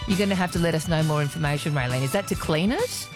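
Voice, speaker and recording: A woman's voice: deep voice, fast talker, over music. A woman with an Australian accent hosting a radio phone-in quiz, chatty and teasing, laughing often.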